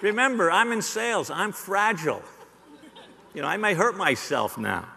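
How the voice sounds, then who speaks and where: A man's voice: high voice, lively intonation, normal speed, gravelly, bright, forceful tone. A middle-aged man giving a joking, rhetorical live sales keynote to an audience in a large hall. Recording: long hall reverb.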